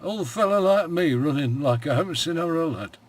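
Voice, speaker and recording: An actor playing a wry, plain-spoken old shepherd in a radio monologue, with a broad Yorkshire accent and a dry, homely way of talking. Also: male voice, fairly high pitch, lively intonation, fairly quick. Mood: chatty. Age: older.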